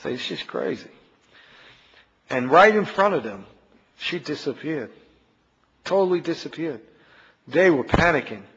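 A male priest preaching a mission sermon with dramatic delivery, going louder and slower when he voices the cries of the damned. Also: a little high, lively intonation, slightly rough, long reverb tail, dull audio. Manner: dramatic, rises loud and slow when voicing the damned.

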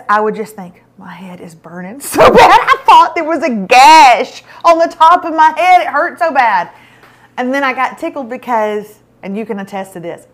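A woman's voice: high voice, fairly bright tone. A middle-aged woman, hosting a show and telling a self-mocking story in casual chat. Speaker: show host.

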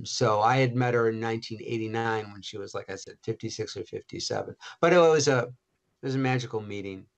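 A man, an author and interview guest, telling animated anecdotes with many restarts. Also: medium pitch. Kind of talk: storytelling interview.

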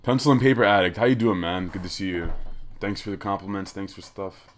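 A man's voice: low-pitched, steady tone, brisk, a little hiss or hum. A man hosting a casual live stream, joking and swearing as he reads out chat messages. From United States.

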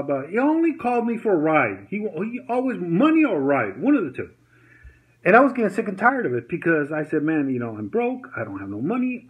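A man telling a heated story to camera in a rambling, agitated way, acting out the dialogue he quotes. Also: a little high. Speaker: vlogger. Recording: tinny phone-like sound.

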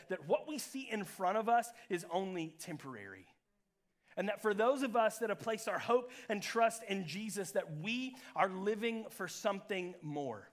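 Fervent male preacher, slightly raised pitch, live sermon in a church sanctuary. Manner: impassioned, swinging from loud peaks to quiet lows. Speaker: pastor.

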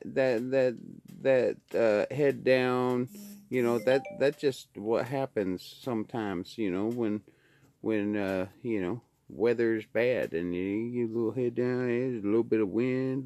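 A middle-aged man who grew up in Alaska, vlogging from his kitchen by the wood stove, swearing constantly in a loud, angry rant. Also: mid-range voice, unhurried, no room sound. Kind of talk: casual ranting monologue.

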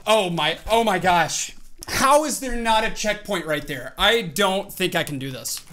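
A man giving live commentary while playing a video game, excitable and reactive, bursting into yelps and shouts. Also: sits high, measured pace. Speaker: gaming channel host.

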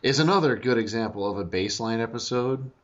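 Stammering excitable young man, lo-fi. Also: mid-range voice. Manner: animated, stammering restarts, quick asides. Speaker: podcast host. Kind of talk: casual review chat. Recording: dull lo-fi audio.

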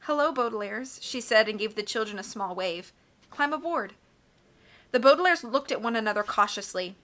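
A woman reading a children's storybook aloud, with lively, expressive narration and small slips that she corrects as she goes. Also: medium pitch, a little fast. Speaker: audiobook reader.

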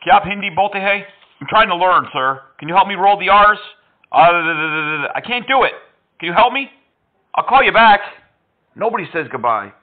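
A man's voice: high voice, expressive, brisk. A man making prank phone calls, talking in a mocking, teasing, playful way. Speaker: prank caller. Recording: tinny phone line.

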